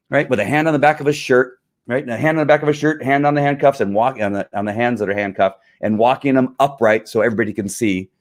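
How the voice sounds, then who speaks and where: A middle-aged man, a former police officer, hosting his own show and talking casually in a frustrated, emphatic rant. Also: mid-range voice. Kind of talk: casual livestream commentary.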